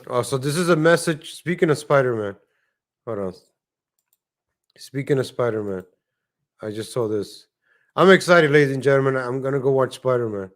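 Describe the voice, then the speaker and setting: A man's voice: medium pitch, moderate pace, pauses often. A man hosting a casual livestream, chatting and joking in rambling asides. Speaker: livestream host. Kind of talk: casual live-stream commentary.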